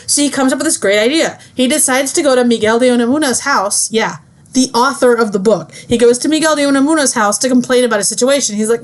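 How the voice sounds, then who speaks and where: A woman's voice: a little high, fast. A young woman student giving a chatty, casual book summary, full of fillers. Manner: chatty, lots of fillers, breezy.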